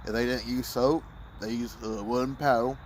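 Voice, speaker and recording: A man's voice: mid-range voice, fairly even intonation, normal speed, slight background noise. A man joining a casual chat, bluntly swearing and adding his own take to the stories. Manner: blunt, profane, chiming in.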